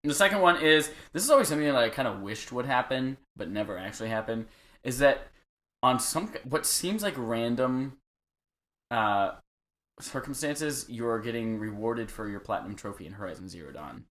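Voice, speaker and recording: A man's voice: mid-range voice, animated, moderate pace, a bit bright. A man hosting a casual gaming podcast, talking loosely and profanely and laughing easily. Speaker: podcast host.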